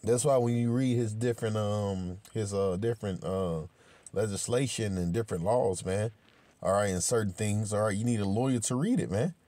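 A man's voice: fairly low pitch, dark tone, dry recording. Emphatic man preaching with repeated restarts. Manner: repetitive, emphatic, profane, many restarts; slows down to read verses aloud. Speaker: religious commentator. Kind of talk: informal scripture commentary.

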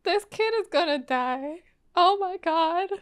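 A woman's voice: very high voice, animated, slow pace, soft background music. A woman hosting live anime reaction commentary, exclaiming, gasping and laughing as she gets emotionally invested.

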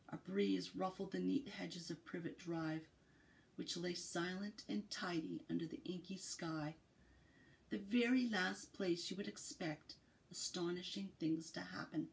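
A woman from a library reading a children's book aloud in an expressive storytelling cadence. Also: on the low side, vocal fry, poor audio.

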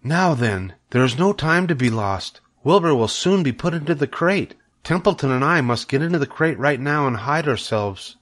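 A man doing a gentle, clever spider lady, soft and high. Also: moderate pace, hardly any pauses, lightly acted. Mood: brisk. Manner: soft, calm and decisive.

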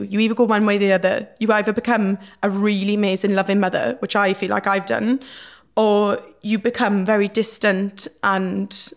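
Young Welsh woman, reality-TV guest, gravelly voice, raw and emotional, lots of "like". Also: mid-range voice. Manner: emotional, swears freely, many fillers. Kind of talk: candid podcast interview.

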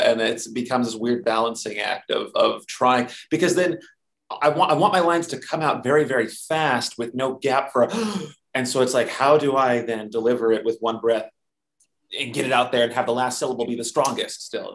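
Man, mid-pitched, rambling and animated, casual cursing, panel guest. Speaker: voice actor on a panel.

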